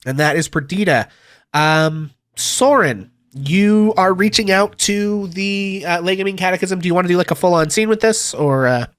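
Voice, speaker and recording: A man's voice: high-pitched, normal speed, fairly bright tone, dry recording, studio quality. A man running a tabletop game as game master, rambling with many fillers.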